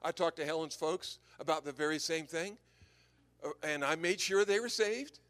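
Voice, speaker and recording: Speaking at a moderate pace in a fairly high voice, an older visiting preacher gives a sermon full of anecdotes, spinning lively stories and laughing at his own jokes.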